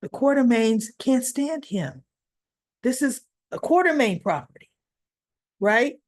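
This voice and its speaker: A woman's voice: fairly high pitch, sing-song, slow, a little mellow. Chatty woman recapping a soap episode. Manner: chatty, rambling storytelling with asides. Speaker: soap opera reviewer.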